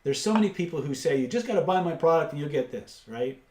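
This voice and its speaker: A man hosting a live webinar, pitching course packages, reading out prices and answering chat questions with blunt asides. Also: lively intonation, quick pace, a little mellow, roomy sound. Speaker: webinar host and seller.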